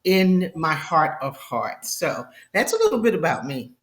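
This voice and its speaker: A woman's voice: low-pitched, very animated, measured pace. Chatty woman with faint Brooklyn accent. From Brooklyn, New York. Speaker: guest author and therapist. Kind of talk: live podcast interview.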